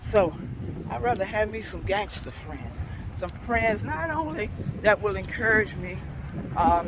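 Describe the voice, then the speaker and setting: Older woman, devotional host, earnest and very slow, outdoors with faint traffic behind her. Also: medium pitch. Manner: slow, earnest, unhurried storytelling. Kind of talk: devotional talk on a scripture verse.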